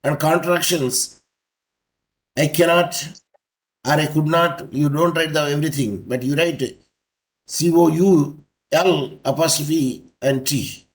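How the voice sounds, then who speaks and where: A man teaching an online law class, explaining slowly and spelling out letters one by one. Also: fairly high pitch, steady tone. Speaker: law lecturer. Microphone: video call.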